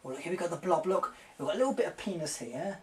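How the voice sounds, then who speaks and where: A young man giving a casual video review, excitable and rambling, often mimicking the characters. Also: a little high, fast.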